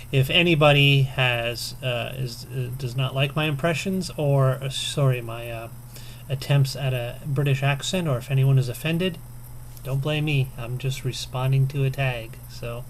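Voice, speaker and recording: A man's voice: medium pitch, a little hiss or hum. A man vlogging casually to camera, chatty and self-deprecating, with frequent ums and little chuckles. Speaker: video game vlogger. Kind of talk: casual to-camera tag response.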